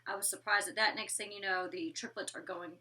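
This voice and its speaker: A woman's voice: medium pitch, fairly even intonation, fairly quick, bright, forceful tone, recorded from a distance. A woman in her twenties casually recapping a reality show episode, blunt and sassy, swearing freely. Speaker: former reality show cast member reviewing episodes.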